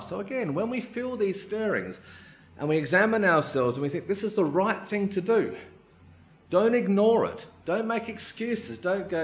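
Lively male preacher in an echoey hall. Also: medium pitch. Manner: lively, acts out quoted voices, keeps asking "right?". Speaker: lay preacher. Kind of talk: sermon with personal stories. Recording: roomy hall echo.

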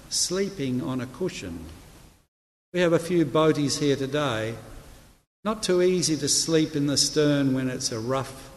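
A man preaching a sermon, reading scripture slowly and measured, softening quoted words. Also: medium pitch, a little hiss or hum. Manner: slow, measured reading with quiet, soft delivery of quoted words. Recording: long hall reverb.

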